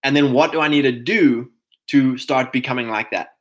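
A man's voice: medium pitch, moderate pace. A man giving a casual, rambling motivational talk to other men as a podcast host, full of fillers and restarts, calling his listeners chaps.

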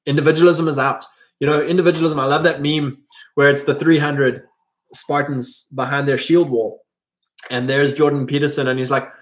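A man's voice: mid-range voice, fairly even intonation, fairly quick. A man hosting his own video, delivering a blunt, provocative, preachy monologue. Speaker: video host. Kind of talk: monologue to camera.

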